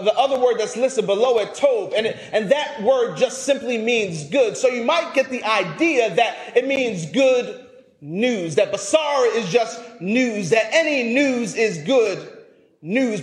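A male pastor preaching a sermon, emphatic, rising to loud peaks and dropping low at phrase ends, often repeating words as he restarts. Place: church sanctuary. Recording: echoey church sanctuary.

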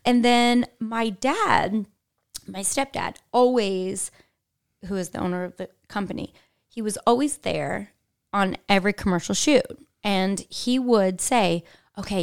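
A woman's voice: mid-range voice, vocal fry. A talkative woman from Indiana sits as a podcast guest, rambling through her stories. Her speech is full of "like" and other fillers. She laughs often. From Indiana, USA. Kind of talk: casual interview chat.

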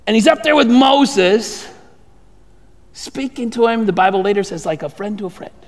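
A middle-aged man preaching a sermon as pastor, telling the story in a conversational, animated way with many restarts. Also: high-pitched, moderate pace, in a large hall.

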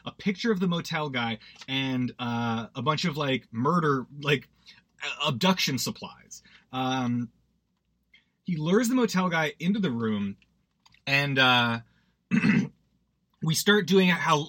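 A man's voice: a little high, bright, forceful tone, husky, no room sound. A man hosting a podcast, recapping a horror movie in a rambling, self-deprecating way with lots of asides. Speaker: podcast host.

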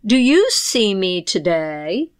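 A woman voicing a wicked old male pixie thief in a storybook tale, snapping and drawing out his threats slowly. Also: mid-range voice, big pitch swings, clean tone, no room sound, clean studio sound. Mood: indignant.

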